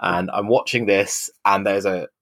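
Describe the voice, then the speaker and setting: A man in his forties co-hosts a casual podcast, his low voice steady and a little slow, with no room sound. He tells a long anecdote in a dry, wry way, loudly acting out the voices he quotes.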